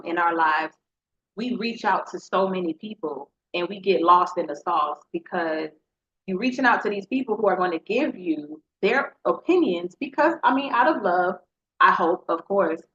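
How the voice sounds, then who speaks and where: A woman's voice: medium pitch, fairly bright tone. Earnest woman podcast host, slightly muffled. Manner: earnest, preacher-like, talks straight to listeners. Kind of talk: motivational podcast monologue. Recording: slightly dull lo-fi sound.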